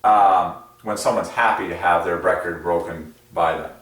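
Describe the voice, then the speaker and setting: A man rambling through a casual monologue as a religious numerology video host, excitable, with many fillers and sudden jumps in pitch. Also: normal speed. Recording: very echoey room, far from mic.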